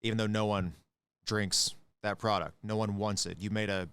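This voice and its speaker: A man's voice: lowish voice, steady tone, normal speed, a bit bright, clean tone. A man who has managed bars for years, chatting casually on a podcast and explaining things at length. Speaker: podcast co-host, bar manager. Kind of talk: casual chat.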